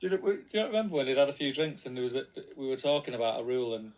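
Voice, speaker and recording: A man's voice: medium pitch, animated, very fast. A man co-hosting a live stream in casual, teasing banter. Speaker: livestream co-host.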